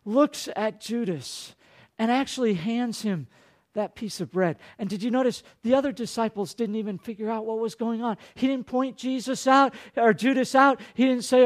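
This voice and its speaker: A male pastor preaching a sermon, dropping to hushed tones and rising to loud, dramatic peaks. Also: moderate pace. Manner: dynamic, swinging from hushed to booming.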